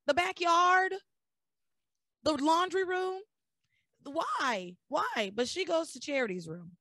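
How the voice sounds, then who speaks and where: A woman hosting a podcast, recapping soap opera episodes in animated, sarcastic casual chat. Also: on the high side, no room sound, studio quality. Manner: animated storytelling with sarcastic asides.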